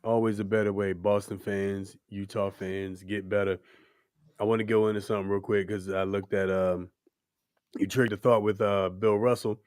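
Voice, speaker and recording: Joking podcast host, dry close sound. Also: male voice, fairly low pitch, fairly quick, clean tone, dry recording. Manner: animated, loose and joking, mock-scolding asides to sports fans. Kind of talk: casual chat.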